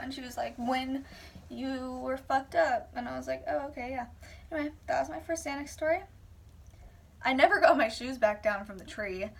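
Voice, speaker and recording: A woman's voice: sits high, creaky, far from the mic. A young woman vlogger rambling casually through a personal story, full of "like"s and whispered asides.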